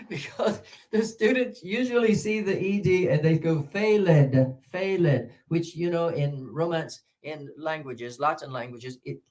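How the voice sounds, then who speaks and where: A man leading a workshop for English teachers, speaking into a microphone and animatedly modelling words. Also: fairly high pitch. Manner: animated, demonstrative, drawing out words.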